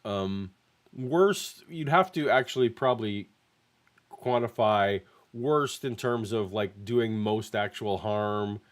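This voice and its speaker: A middle-aged man hosting a casual chat show, speaking in a measured, hesitant way. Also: on the low side. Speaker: host.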